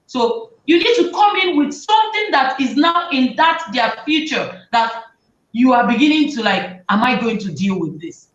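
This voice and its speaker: A woman, hosting a talk show and giving lively advice to parents, often acting out what parents and children say. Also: sits high, moderate pace. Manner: animated, acts out parents' and children's lines. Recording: roomy, distant, dull sound.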